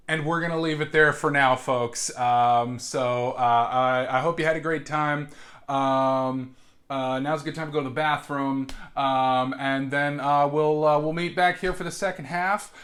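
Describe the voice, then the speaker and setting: A man's voice: a little high, fairly even intonation, measured pace, fairly bright tone. A man acting as game master in a comedic solo tabletop role-play, hesitant and full of fillers and restarts.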